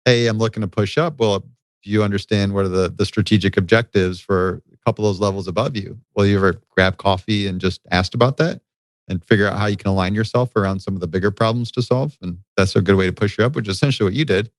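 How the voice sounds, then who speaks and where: A man hosting a podcast, asking questions in a halting way with restarts. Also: fairly low pitch, no echo. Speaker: podcast host. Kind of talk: interview questions.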